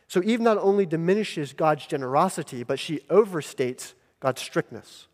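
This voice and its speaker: A male pastor preaching a sermon in a deliberate, emphatic teaching manner. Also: a little high, expressive. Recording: long hall reverb.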